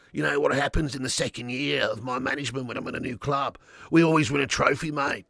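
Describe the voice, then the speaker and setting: A man putting on the voice of a gruff, combative Australian football manager, gravelly and mumbling, who ends his lines with "mate". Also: medium pitch, pushed and bright, no room sound, clean studio sound, voice pushed down.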